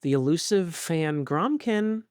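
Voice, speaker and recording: A woman co-hosting a casual movie podcast, playful and swearing in quick asides. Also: on the low side, expressive, darkish tone, dry recording, clean studio sound. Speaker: podcast co-host.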